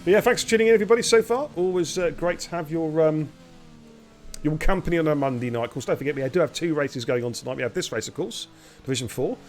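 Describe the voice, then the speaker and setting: A man's voice: fairly high pitch, quick pace. A man hosting and calling a live sim racing stream, chatty and teasing, greeting viewers by name. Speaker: lead commentator and host.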